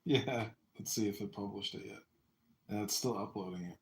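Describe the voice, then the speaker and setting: A man hosting a casual livestream chat, telling rambling stories and loudly acting out what people said. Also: lowish voice, normal speed. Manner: rambling storyteller, acts out quotes loudly. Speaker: livestream host. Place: apartment. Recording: echoey room.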